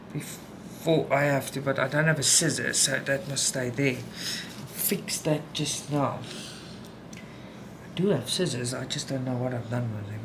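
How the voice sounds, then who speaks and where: A South African woman chatting candidly to viewers at home while she stitches, venting and talking things through. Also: a bass voice. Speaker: cross-stitch vlogger. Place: home room. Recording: home recording with background noise.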